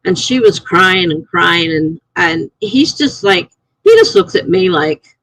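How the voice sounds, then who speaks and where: A middle-aged woman hosting a live stream, chatting casually and rambling through stories, getting animated when she is indignant. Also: medium pitch, a little slow, no room sound, poor audio. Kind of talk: casual live-stream chat reading comments.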